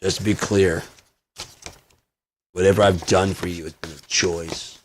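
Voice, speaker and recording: Profane ranting man, low voice. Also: level tone, unhurried, a little hiss or hum. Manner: profane, swings from loud outbursts to muttering. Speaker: video blogger. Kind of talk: ranting personal monologue.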